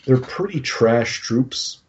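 A man's voice: mid-range voice, expressive, slow, dull audio. A man co-hosting a podcast, chatting casually about his game army in a rambling way with many restarts. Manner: rambling, lots of restarts and fillers. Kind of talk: casual chat.

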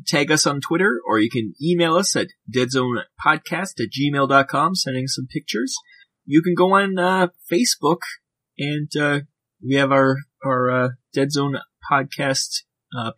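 A man's voice: a little high, a little slow, pushed and bright, no echo. A man co-hosting a podcast, chatting casually about the hobby with a rambling, jokey manner. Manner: rambling, filler-heavy, jokey. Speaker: podcast co-host.

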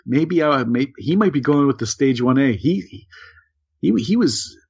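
A man co-hosting a casual show, talking haltingly with many "uh"s and self-mocking jokes. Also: mid-range voice, animated, vocal fry, a little mellow, breathy edge. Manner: hesitant, restarts with lots of uh, self-mocking. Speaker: co-host. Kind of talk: casual banter. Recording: dull lo-fi recording.

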